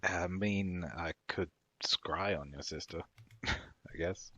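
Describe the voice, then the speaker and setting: A man's voice: sits low, takes it slowly, bright, forceful tone, dry recording. A man playing a tabletop game, talking in character in a dry, blunt way. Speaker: player. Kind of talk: in-character tabletop role-play.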